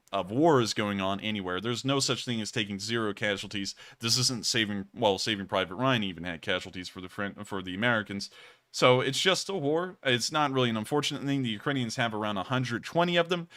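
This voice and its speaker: A man's voice: fairly low pitch, bright, forceful tone. A young man hosting a casual live-stream of war news, talking conversationally and correcting himself mid-sentence. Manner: conversational, self-correcting, says y'all. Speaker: war news livestream host. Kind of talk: casual live-stream commentary over maps and footage.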